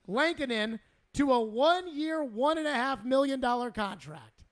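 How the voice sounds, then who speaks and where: A man's voice: very high voice, animated, moderate pace. A man hosting sports talk radio, exasperated and sarcastic, repeating himself as he rants.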